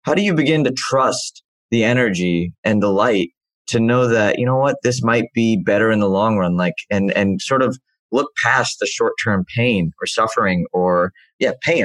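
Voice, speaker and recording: A man's voice: lowish voice, a bit bright, no echo. A man hosting a podcast, asking searching questions in a casual interview. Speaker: podcast host.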